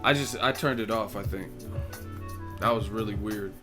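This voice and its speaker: A man's voice: fairly low pitch, normal speed, over music. A man hosting a live stream, chatting casually, joking, swearing and laughing a lot.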